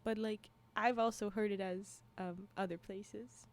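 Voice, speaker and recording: A medium-pitched woman speaks at a measured pace with fairly even intonation, over a slight hiss or hum. As a livestream storyteller, she casually chats with viewers, often laughing, restarting and trailing into tangents.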